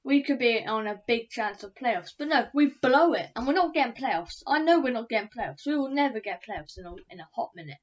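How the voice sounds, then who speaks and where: A woman's voice: fairly high pitch, lively intonation, brisk, few pauses. A woman giving a fan's match review vlog, ranting in frustration and repeating herself. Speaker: football fan reviewer. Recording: dull lo-fi recording.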